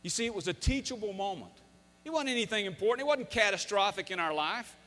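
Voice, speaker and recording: A man in his fifties, once a football coach, tells stories to an audience in a folksy, emphatic motivational talk. His voice sits high and sounds pushed and bright, and he speaks fast and animatedly. Long hall reverb fills the recording.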